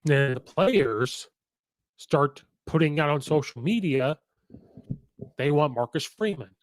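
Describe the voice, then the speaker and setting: A man's voice: fairly high pitch, expressive, slow pace, dry recording, poor audio. Chatty man giving football opinions. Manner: chatty, opinionated, acts out quotes. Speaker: host and football commentator. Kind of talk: casual sports commentary.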